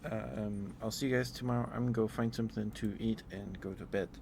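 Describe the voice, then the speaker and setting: A man streamer ending his stream, talking softly and rambling with fillers, his throat dry and his voice wearing out. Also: fairly low pitch, steady tone, a little fast, creaky, noisy background. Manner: soft-spoken, rambling with fillers. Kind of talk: end-of-stream chat. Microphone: headphones and desk mic.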